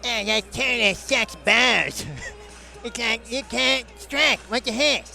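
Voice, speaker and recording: A man putting on the voice of a bratty, foul-mouthed cartoon boy in a high, squeaky kid voice. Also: takes it slowly, gravelly, sharp tone, soft background music, full character voice. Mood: grumpy. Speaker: pro bowler. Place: trade show floor, outdoors.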